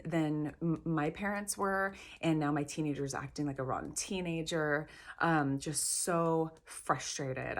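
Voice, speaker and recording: A middle-aged woman leading a guided tapping session, gentle and encouraging, repeating phrases slowly. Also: sits low. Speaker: tapping practitioner.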